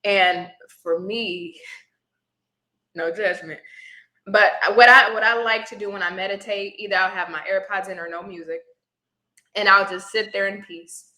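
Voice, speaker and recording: A woman's voice: medium pitch, steady tone, measured pace, pauses often, pushed and bright, echoey room, poor audio. A woman tarot reader, a guest in an interview, telling her personal story in a reflective way and becoming teary at times. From Houston area.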